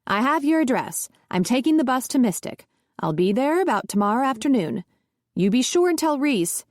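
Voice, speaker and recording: A woman's voice: sits high, sing-song, normal speed, no echo, studio quality, voice pushed up. A woman voicing a demanding, self-pitying middle-aged mother who is exasperated with her son. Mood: pushy exasperated. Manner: exasperated and pushy.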